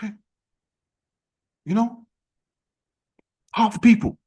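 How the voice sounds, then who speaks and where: A man leading an online sales team training, talking in a forceful, repetitive, challenging way. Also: sits high, slow, husky. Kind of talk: motivational training talk.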